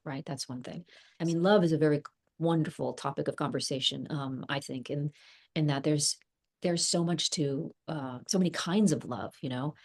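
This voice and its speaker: A middle-aged woman with a notably low voice, chatting casually as an interview guest. She thinks aloud, circles back on her words and often breaks into laughter. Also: darkish tone. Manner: thoughtful, rambling, laughs often. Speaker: actress guest.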